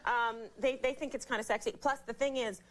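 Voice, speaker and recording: A woman's voice: fairly high pitch, brisk. A woman guest on a late-night talk show, bubbly and giggly as she tells comic stories. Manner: bubbly, giggly, animated storytelling. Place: television studio. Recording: noisy broadcast with loud studio audience.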